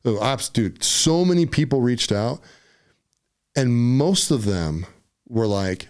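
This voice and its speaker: A man from Utah, a podcast guest, telling a personal story in a casual, animated way, often saying "dude" and "right?". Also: mid-range voice, takes it slowly, smooth.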